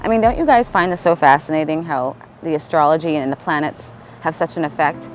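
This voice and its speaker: A woman's voice: deep voice, brisk, slight background noise. A woman talking casually in a spiritual vlog, rambling, restarting sentences and often asking "right?", at times reading horoscopes aloud. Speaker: channeler and astrology vlogger.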